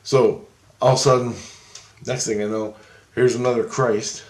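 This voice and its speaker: A man telling a rambling personal story, swearing freely and getting excited. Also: mid-range voice, normal speed, reverberant. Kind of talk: casual anecdote.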